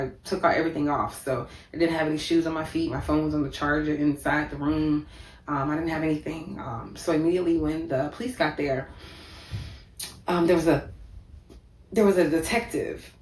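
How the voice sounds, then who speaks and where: A woman vlogger telling a personal story in a vivid, repetitive way, with many fillers. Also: low-pitched. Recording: echoey room, distant mic.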